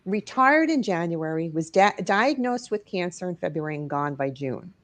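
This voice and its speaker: A middle-aged New York woman, a guest author and paranormal investigator, shares an emotional personal story in a studio. Her fairly low voice moves at a moderate pace, rising and dropping expressively as the story unfolds.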